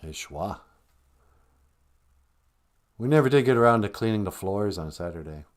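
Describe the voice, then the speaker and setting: A man from northern Minnesota hosts a live stream, chatting casually, joking, rambling, and laughing a lot. His voice is on the low side, and he speaks fast and expressively.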